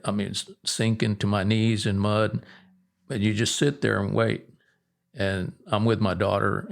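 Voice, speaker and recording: A middle-aged man recalls his fishing days in a low, gravelly voice. He talks in a relaxed, rambling way, often restarting his sentences as he goes. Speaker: guest angler. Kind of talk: casual storytelling.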